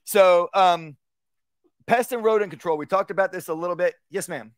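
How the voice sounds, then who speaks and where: A man with a slightly higher voice teaches dog training at a live workshop. He talks in an easy, conversational way and drops into a calm, low voice to act out commands to a dog. The sound is close and dry. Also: moderate pace, no room sound. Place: outdoor workshop.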